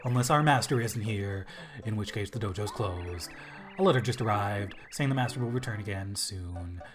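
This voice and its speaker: Deep voice, solemn toad dojo students, a man acting them out, grave, game music behind. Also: moderate pace, lightly acted.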